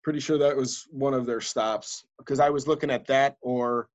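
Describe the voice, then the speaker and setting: A man, a radio DJ and podcast host, telling stories in casual chat, swearing freely and acting out quotes in a louder voice. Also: medium pitch, moderate pace. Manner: animated, swearing, acts out quotes loudly.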